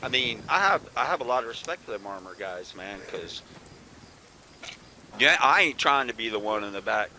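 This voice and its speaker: A laid-back man hosting a gaming chat, swearing at every turn and calling everyone bro. His voice is strikingly bright and sharp. There is a faint hiss of noise under it. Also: medium pitch, expressive, normal speed, rough recording. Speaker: channel host, former soldier.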